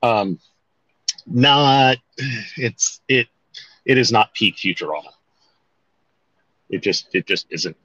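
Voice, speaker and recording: A man with a low voice co-hosts a podcast in loose casual chat, wandering through his thoughts and correcting himself as he goes. The sound is dry and a little dull, with no room around it. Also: animated, slow, pauses often, sharp tone, breathy edge, no room sound. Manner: rambling, self-correcting, with mild swearing. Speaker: podcast co-host.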